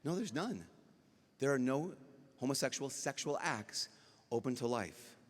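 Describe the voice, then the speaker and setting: A man, a priest speaking at a youth conference, giving a lively talk and acting out dialogue as he tells stories. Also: medium pitch, measured pace. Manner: animated storyteller acting out dialogue. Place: large conference hall. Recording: long hall reverb.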